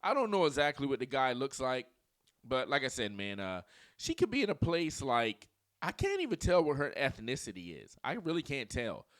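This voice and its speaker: A man's voice: medium pitch, huge pitch swings, normal speed, fairly bright tone, no room sound, clean studio sound. A man in his forties giving casual dating commentary, telling stories in slang and mimicking voices.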